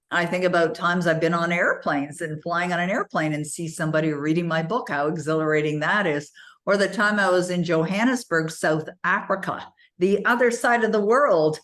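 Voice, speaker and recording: A woman with a low-pitched voice tells stories in a casual, chatty way. She acts out the dialogue with sudden leaps in pitch. She is an author coach from Canada, hosting the talk. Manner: animated, acts out dialogue with big pitch jumps.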